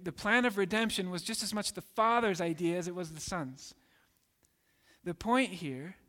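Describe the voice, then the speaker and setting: Guy preaching, emphatic, kinda high voice, big hall echo. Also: fairly bright tone. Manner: emphatic, acts out voices in quotes. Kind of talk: sermon. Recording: long hall reverb.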